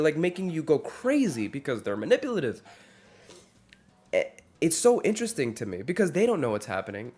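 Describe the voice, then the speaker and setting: A man in his twenties giving an earnest, rambling vlog rant to camera, with frequent restarts. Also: sits high. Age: 20s. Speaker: vlogger.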